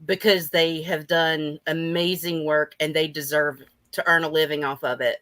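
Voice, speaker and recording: A woman's voice: sits low, fairly even intonation, normal speed, fairly bright tone, no room sound, rough recording. A woman guest on a livestream who runs a small craft business, speaking earnestly and modestly. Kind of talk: casual livestream chat.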